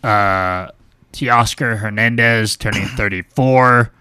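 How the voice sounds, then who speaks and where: A man's voice: on the low side, takes it slowly, sharp tone, slight background noise. A man co-hosting a sports talk show, reading out birthdays in a plain, hesitant way. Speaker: co-host. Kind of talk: casual sports chat.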